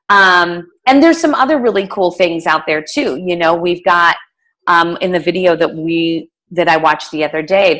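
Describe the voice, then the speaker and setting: A woman's voice: fairly low pitch, fairly bright tone. A middle-aged woman, a fitness coach, giving a casual team training talk, chatty with many fillers and restarts.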